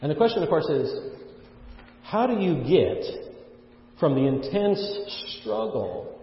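A man from Canada preaching a sermon earnestly, with many fillers and sudden swings of loudness. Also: a little high, sing-song, a little slow. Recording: echoey hall, dull muffled sound.

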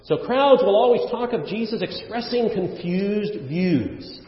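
A man's voice: sits high, animated, measured pace, reverberant, in a large hall, highs cut off, slight background noise. A man preaching a sermon, earnest and emphatic, often restarting his sentences. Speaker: pastor.

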